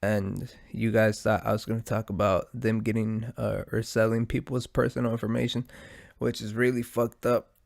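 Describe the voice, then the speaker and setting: Podcast host, a man with a stuffy nose and gravelly voice, loose profane rambling, dry close mic. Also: on the low side, little pitch movement, moderate pace, no echo. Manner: profane, meandering, laid-back. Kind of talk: casual rambling monologue.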